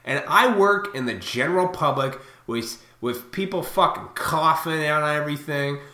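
A man in his thirties delivering a profane, heated rant to camera, swinging between loud outbursts and quieter reflective stretches. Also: a little high, normal speed. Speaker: vlogger. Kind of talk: profane ranting monologue. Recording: echoey room.

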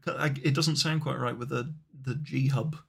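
A man's voice: mid-range voice, steady tone, normal speed, vocal fry, a bit bright, breathy edge. A man co-hosting a podcast, chatting casually with playful, rambling jokes. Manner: playful, rambling, jokey asides. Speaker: podcast co-host. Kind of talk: casual chat.

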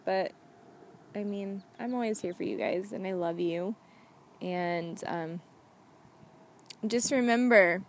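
A young woman hosts her own solo podcast, talking casually, chattily and earnestly while using "like" as a frequent filler. Her voice is medium in pitch, with a slight hiss or hum in the recording.

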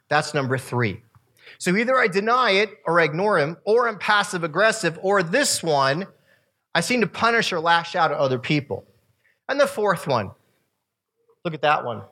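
A man's voice: high voice, sharp tone. A man in his fifties giving a sermon-style talk to young people, telling stories and laughing at his own asides. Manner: storytelling with laughs and asides to the room.

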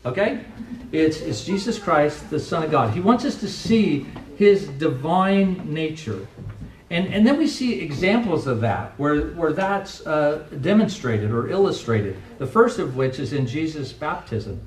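A man's voice: a little high, big pitch swings, unhurried. A male pastor giving a conversational sermon, asking rhetorical questions and acting out quoted lines. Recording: echoey room from far off, faint noise.

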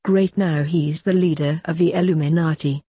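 A sardonic young man with a teasing, dry wit, as a woman reads him in a storybook. The voice is low, mellow and husky, with a close, dry sound. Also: fairly even intonation, normal speed, no room sound.

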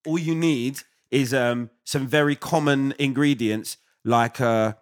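A man's voice: mid-range voice, fairly even intonation, takes it slowly. A British man hosting a podcast, joking with guests and reading a sponsor plug. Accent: British English. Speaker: podcast host. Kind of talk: casual chat.

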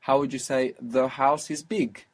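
A patient male language teacher, guiding a student one phrase at a time. His voice is husky and a little breathy, and he explains sounds slowly and carefully. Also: mid-range voice, fairly even intonation. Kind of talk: spoken language lesson.

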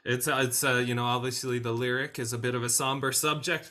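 Male co-host, bright tense tone, keen and chatty. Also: mid-range voice, level tone, a little fast, hardly any pauses. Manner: enthusiastic, upbeat praise. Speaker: podcast co-host. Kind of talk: casual podcast conversation.

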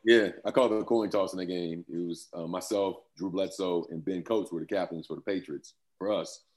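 A man with a very low voice talks through his old playing days, loose and rambling, breaking into laughs. He is in his fifties and speaks as a guest in a casual interview. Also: fairly even intonation, a little fast, darkish tone. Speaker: former pro football player, guest.

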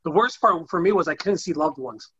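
A man co-hosting a podcast, telling chatty, animated stories in a high voice. His tone is bright and a little husky, and the recording is dull and lo-fi. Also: brisk. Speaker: podcast co-host. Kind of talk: casual chat.

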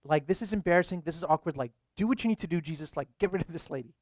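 A man's voice: on the high side, racing, darkish tone, no room sound, lightly acted. A preacher putting on a group of impatient, embarrassed male disciples with a raised, exasperated voice. They plead in a clipped, fed-up way, and the sound is dry and close.

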